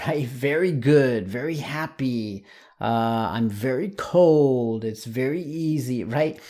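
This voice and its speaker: A man teaching an English lesson online, saying example words slowly and clearly. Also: medium pitch, a little mellow.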